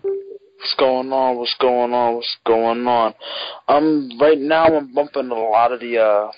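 A man on a podcast in casual chat, relaxed and a little hesitant with fillers. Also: medium pitch, takes it slowly, no room sound, dull audio. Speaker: podcast co-host.

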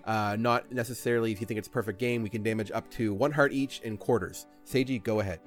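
A man's voice: fairly low pitch, fairly even intonation, quick pace, soft background music. A man co-hosting a podcast about a video game, talking emotionally and swearing as he retells scenes. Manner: emotional, swears, restarts often. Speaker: podcast co-host. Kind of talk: casual game discussion.

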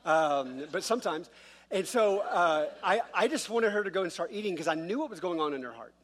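A middle-aged male pastor telling a humorous family story in a sermon, in a relaxed conversational way. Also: high voice, fairly quick. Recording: long reverb of a large church hall.

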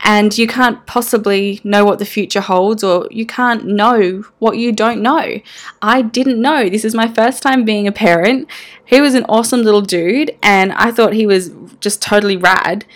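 A young woman speaking as a mother, telling her family's story in a candid, emotional way with casual slang and fillers. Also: mid-range voice.

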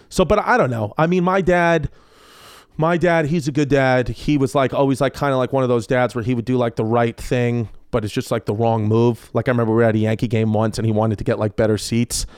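Animated, profane man telling stories. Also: mid-range voice, fairly quick, clear, resonant tone, no room sound, studio quality. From New York. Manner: animated, profane, acts out quotes. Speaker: comedian guest. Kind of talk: casual storytelling.

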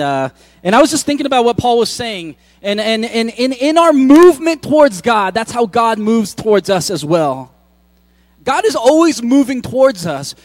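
A man with a notably high voice preaches to his congregation in an easygoing, joking way, often restarting his sentences. He sounds middle-aged. The sound is close and dry. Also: no echo. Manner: conversational, joking asides with frequent restarts. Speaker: pastor. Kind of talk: sermon. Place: church.

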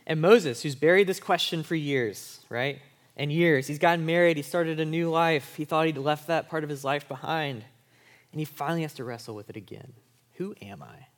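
A man's voice: on the high side, moderate pace. A man preaching a sermon as a pastor. He talks to college students in a casual, conversational way and often checks in with "right?". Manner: speaks to college students in everyday language.

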